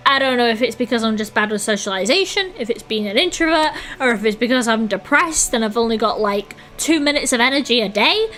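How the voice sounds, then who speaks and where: A woman with a British accent and a high, bright voice chats her way through a live drawing stream. She teases, swears freely and breaks into giggles, and faint music plays underneath. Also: lively intonation, brisk, hardly any pauses. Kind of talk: casual live-stream chat.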